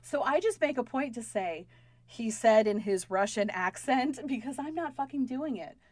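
A woman co-hosting a podcast in casual chat, giggly and animated, swearing freely. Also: a little high, moderate pace, dry recording. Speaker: podcast co-host.

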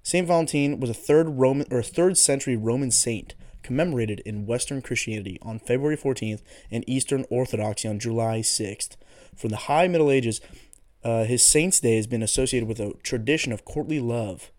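A man's voice: mid-range voice, a little fast, a little mellow. A man hosting a casual solo podcast, rambling through goofy tangents with lots of swearing. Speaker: podcast host.

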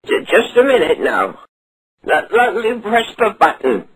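This prank caller is a man heavily acting as a muddled, frail old woman who rambles, stammers, mishears and repeats herself in a quavering, creaky voice. He sits high in pitch, sing-song and unhurried, a bit bright. The recording is dry and low-quality.

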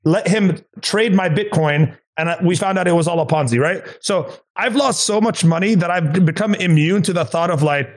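A man's voice: high voice, moderate pace, hardly any pauses. A man talking casually and earnestly, rambling with many fillers and restarts. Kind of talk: casual chat.

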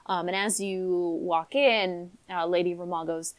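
A woman's voice: lowish voice, steady tone, measured pace, rough recording. A woman narrating a tabletop game as game master in a casual, loose way with many fillers.

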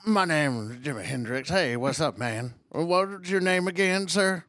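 A man's voice: a little high, animated, measured pace, fairly bright tone, voice pushed up. A man doing a spaced-out rock guitarist. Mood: laid-back. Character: laid-back, spaced-out male rock guitarist.

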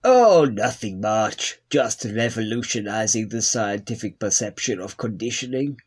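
Brief: man playing a pompous scientist, husky, lively swooping delivery. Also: lowish voice, unhurried. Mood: boastful. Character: excitable Russian scientist, pompous and proud.

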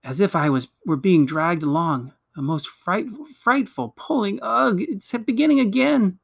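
A man voicing a quick, plucky schoolboy in a children's story read aloud. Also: on the high side, lightly acted. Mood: urgent.

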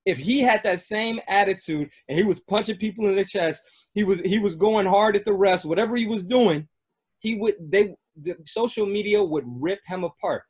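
A man's voice: high voice, normal speed, slightly rough. A man in a casual chat, arguing his points emphatically. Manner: emphatic, argues in long points.

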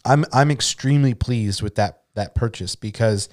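A man's voice: medium pitch, normal speed, a little mellow. A man co-hosting a podcast in casual, rambling chat with some swearing. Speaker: podcast co-host.

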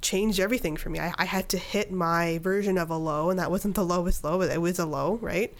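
Steady in tone and fairly quick, this woman's voice is pitched fairly low. She's in her thirties and guesting on a podcast, casually telling her own story and performing her inner dialogue aloud.

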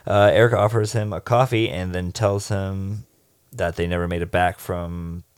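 Very deep-voiced podcast host. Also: male voice, fairly even intonation, moderate pace, clear, resonant tone, dry recording, clean studio sound. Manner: recaps the plot, loose and joking. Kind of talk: casual podcast chat.

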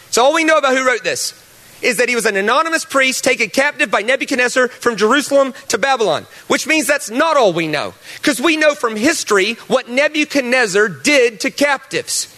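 A man preaching a sermon, telling stories and rising to loud, emphatic peaks. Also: extremely high pitch, a little fast. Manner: animated storytelling, rises to loud emphatic peaks.

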